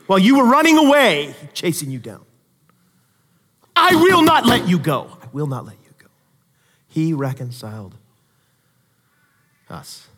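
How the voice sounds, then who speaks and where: High-pitched guy preaching, goes soft then big and loud, lots of hall echo. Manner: animated preaching, rising to loud emphatic peaks then dropping to quiet asides. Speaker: pastor. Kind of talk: sermon. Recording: long hall reverb.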